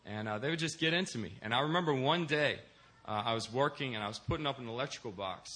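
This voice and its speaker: A man's voice: medium pitch, fast, a bit bright. A young man, a deacon, preaching a sermon in a church and telling stories with acted-out voices. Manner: storytelling, acts out quoted voices. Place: church in Korea.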